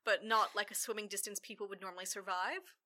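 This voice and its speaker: A woman casually recapping a film plot, rambling with lots of fillers and putting on quick voices for the characters. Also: medium pitch, steady tone, sharp tone. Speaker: podcast co-host recapping a film. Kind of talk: casual chat.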